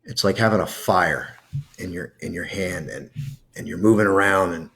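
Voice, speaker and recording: A man hosting a video, guiding listeners through a calming breathing exercise in a gentle, coaxing way with soft pauses. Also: deep voice. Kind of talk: guided breathing meditation.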